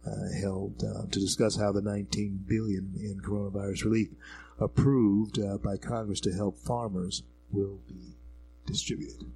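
A fairly low-voiced man with a Louisiana Southern drawl, hosting talk radio in a slow, earnest monologue. He repeats himself and fills gaps with "uh" and "um". A faint hum sits behind his voice. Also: level tone, warm tone, rough recording. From American South. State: grieving. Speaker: radio talk show host.

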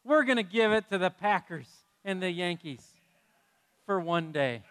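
A man preaching a sermon as pastor, playful and animated, swinging from loud bursts to hushed drops. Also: high-pitched, unhurried, smooth, big-room sound. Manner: playful, animated delivery with sudden loud rises and soft drops.

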